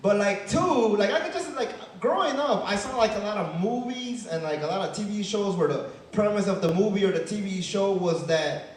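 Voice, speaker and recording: A man's voice: high-pitched, lively intonation, moderate pace, few pauses, a little hiss or hum. A young man from Chicago doing a casual stand-up set, tagging lines with "man" and "right?". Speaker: stand-up comedian. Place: comedy club stage. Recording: echoey club heard from a distance.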